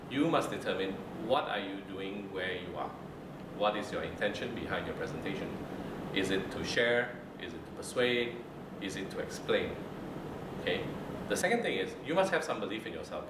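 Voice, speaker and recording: A male lecturer giving a calm, measured talk to students, often checking in with "okay?". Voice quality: low, mid-range voice. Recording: roomy echo, far from mic, loud air-con hum.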